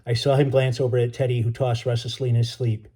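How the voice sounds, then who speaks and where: Man reading his novel aloud, author, relaxed, mellow dark tone, mid pitch. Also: fast talker, slightly rough. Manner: casual, relaxed greeting. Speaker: author and educator.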